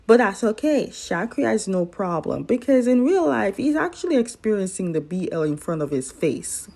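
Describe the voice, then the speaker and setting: A woman's voice: mid-range voice, very animated, moderate pace, gravelly, darkish tone. A woman recapping a drama episode in a chatty, playful way, talking straight to her viewers.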